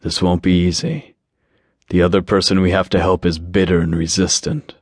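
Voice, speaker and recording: A man's voice: low voice, level tone, moderate pace, husky, dry recording. A man voicing a sardonic, skeptical male angel who talks in a dry way, in an audiobook. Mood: wary.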